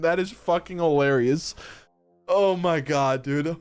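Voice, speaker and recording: A man's voice: fairly high pitch, a little fast, clean tone, soft background music. A young man streaming live, telling a rambling, profane story and laughing a lot.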